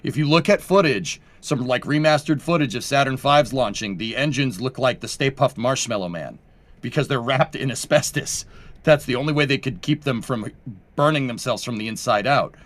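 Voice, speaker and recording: A man's voice: medium pitch, moderate pace, fairly bright tone. Male host, casual livestream chat, rambling and self-correcting.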